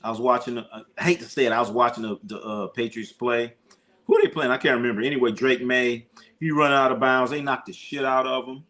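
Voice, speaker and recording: A man hosting a casual sports livestream, talking in an animated, profane way and sometimes mimicking whiny crying voices. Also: medium pitch, brisk.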